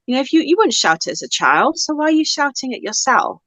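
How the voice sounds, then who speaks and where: A woman's voice: high-pitched, big pitch swings, fairly quick, a bit bright, dry recording. A woman speaking as a guest spiritual teacher in a casual conversation, reflective and rambling, with many fillers.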